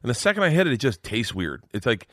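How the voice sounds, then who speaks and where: A male stand-up comedian telling a story as a podcast guest, animated and profane. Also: medium pitch, quick pace, dry recording, studio quality. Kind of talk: comic storytelling.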